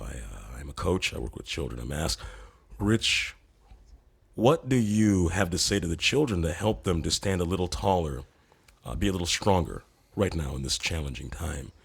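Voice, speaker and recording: A self-important sage who speaks in slow, grandiose pronouncements and keeps a flat, deadpan face through every word, as a man puts him on. His voice sits deep and gravelly with a husky edge. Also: full character voice. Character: pompous self-styled male sage of odd wisdom. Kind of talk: comedy bit in an interview.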